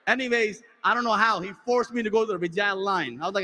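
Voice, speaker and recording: A man's voice: quick pace, hardly any pauses, in a large hall, poor audio. A man from the United States hosting on stage, telling a stand-up anecdote and acting out the dialogue. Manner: animated storyteller, acting out dialogue with lowered voices. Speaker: emcee host. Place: large convention hall stage.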